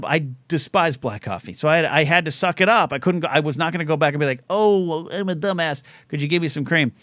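A man's voice: on the high side, fairly bright tone, no room sound. A middle-aged man with a Californian accent hosting a live call-in show, rambling and self-deprecating as he tells stories. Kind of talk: casual livestream talk-radio chat.

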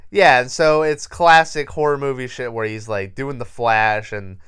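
Smooth-voiced man recapping a movie. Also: mid-range voice, steady tone, normal speed, fairly bright tone. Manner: rambling, profane, laughs at the film. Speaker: podcast co-host.

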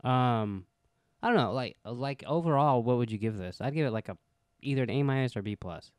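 A man's voice: mid-range voice, lively intonation, a little fast, clean tone, no echo, studio quality. A man co-hosting a casual podcast, blunt and sarcastic, swearing freely. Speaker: podcast co-host. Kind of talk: casual chat.

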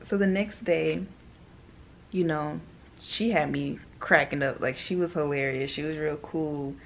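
A young woman, a flight attendant, telling animated stories in a casual vlog, laughing often and quoting people. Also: sits low, unhurried, a little hiss or hum.

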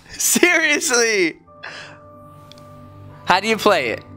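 A man hosting a gaming video, giving excited, goofy gameplay commentary and often shouting. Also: extremely high pitch. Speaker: gaming channel host and dad. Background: game music.

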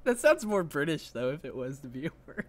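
A man's voice: fairly high pitch, big pitch swings, fairly quick. A young man hosting a casual podcast, rambling and giggling at himself as he talks. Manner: giggly, rambling, self-mocking. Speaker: podcast host.

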